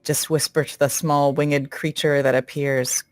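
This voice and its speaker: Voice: mid-range voice, level tone, unhurried, hardly any pauses. A tabletop game player describing a character's moves in hesitant, casual speech and laughing at their own ideas. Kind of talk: casual play-by-play of a character's actions.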